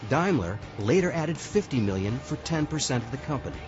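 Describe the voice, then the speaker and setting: A man narrates a documentary with a lively, rising and falling pitch and a measured, dramatic delivery. The audio sounds dull and lo-fi, with clear music playing under him. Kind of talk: scripted narration.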